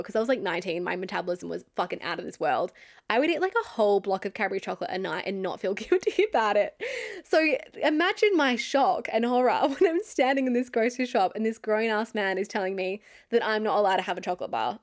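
A woman's voice: mid-range voice, animated, fast. A young woman, telling a personal story in a candid, casual way, swearing often and filling her talk with "like".

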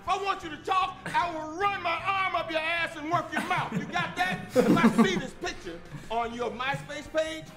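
A man playing a menacing, crude tough cop in a film clip with loud music. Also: very high-pitched, moderate pace, roomy sound. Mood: threatening. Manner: threatening, crude.

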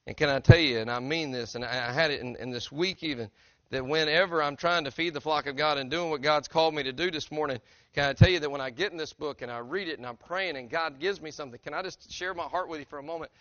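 A man's voice: fairly high pitch, fast talker, fairly bright tone, no room sound, lo-fi sound. A middle-aged man, preaching a sermon as a pastor in a conversational, earnest way that keeps asking his congregation direct questions. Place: church sanctuary.

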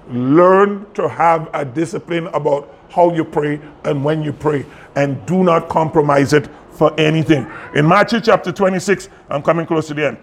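A man's voice: on the high side, vocal fry, slightly rough. A pastor in his sixties preaching a sermon, talking plainly and joking with his congregation while in pain. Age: 60s. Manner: conversational, jokes with the congregation. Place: church sanctuary.

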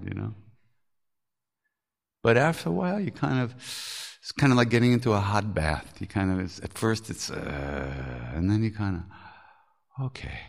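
A man with a gravelly, fairly low voice tells stories on his podcast. He talks frankly and earthily, throwing in curses and laughing at his own foolishness. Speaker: podcast host telling spiritual stories. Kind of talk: candid storytelling talk.

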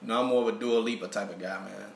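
Gravelly laid-back man, echoey room. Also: lowish voice, fairly even intonation, fast. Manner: blunt, laid-back, short replies. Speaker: podcast co-host. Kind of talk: casual podcast banter. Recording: echoey room, faint hiss.

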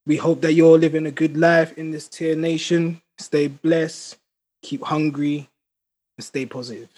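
A man's voice: a little high, steady tone, a little slow, darkish tone. A man hosting a casual podcast, bantering and teasing his co-hosts before signing off. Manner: teasing, laid-back banter. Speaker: podcast host. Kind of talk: casual chat.

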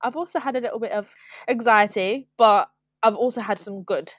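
A young woman co-hosting a podcast in relaxed, casual chat. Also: fairly high pitch, brisk, no echo. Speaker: podcast co-host.

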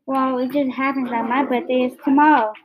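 A woman's voice: high-pitched, steady tone, fairly quick, dull audio, close to an everyday voice. A woman reading as the echoing storybook moon. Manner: echoes the bear's words. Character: the moon, echoing back, male. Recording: crowd heard behind.

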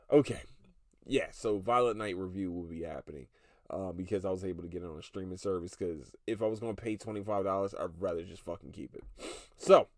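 A man's voice: sits low, fairly quick, no echo, clean studio sound. A man in his thirties hosting a solo podcast, ranting with heavy profanity and breaking into laughter. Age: 30s. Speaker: podcast host.

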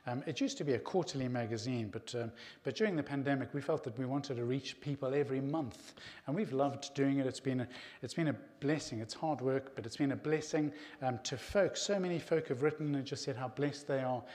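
A man's voice: medium pitch, fairly quick, few pauses, a little mellow. A middle-aged man preaching a sermon as pastor, earnest and direct, calling his congregation "folk". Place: church hall. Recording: long hall reverb.

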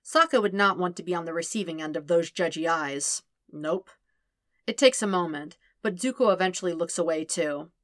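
A woman narrating a fan fiction story in an even, measured reading style, slowing and softening on tender lines. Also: fairly low pitch, dry recording, clean studio sound. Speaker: podfic reader.

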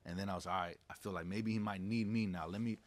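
A young man speaks quickly in a low voice with a steady tone. Appearing as a podcast guest, this credit specialist keeps things easygoing and thoughtful, telling stories in slangy conversation.

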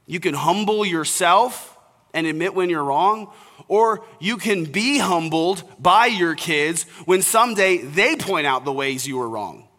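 A man's voice: sits high, expressive, measured pace, sharp tone. A young man preaching an earnest, conversational sermon to fathers as pastor. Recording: reverberant hall.

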